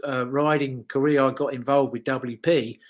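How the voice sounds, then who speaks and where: British man, fifties, ex-motocross rider, rambling anecdotes, ums and swearing, mid-pitched voice. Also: steady tone, moderate pace. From United Kingdom. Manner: rambling storyteller, frequent fillers and swearing. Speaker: guest, former motocross rider. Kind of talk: casual anecdotal interview.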